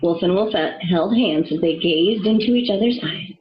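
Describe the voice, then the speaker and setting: A woman reading a children's storybook aloud, expressive and storytelling. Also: on the low side, normal speed, muffled recording, slight background noise. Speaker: reader.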